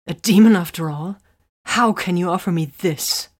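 A woman's voice: fairly low pitch, moderate pace, lightly acted. A woman reading the part of a frightened, defensive young woman, her voice strained and rising to a wail. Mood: distraught. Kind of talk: audiobook character reading.

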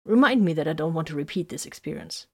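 A woman voicing a shaken human man with a weak, smooth voice. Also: low voice, lively intonation, fast, mellow, heavily acted. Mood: wry.

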